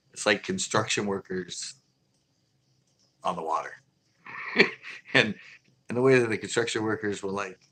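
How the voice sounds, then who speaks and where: Easygoing guy host, fairly low voice, casual storyteller who laughs a lot; faint background hum. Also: bright, forceful tone, poor audio. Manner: laid-back, laughs often, acts out quoted arguments. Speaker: fishing channel host.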